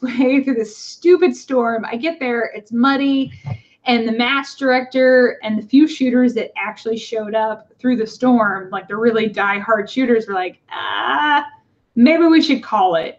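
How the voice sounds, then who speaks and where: A woman telling a personal story in casual conversation, halting with fillers and acting out the voices of people she quotes. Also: a little high. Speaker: guest. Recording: dull lo-fi sound.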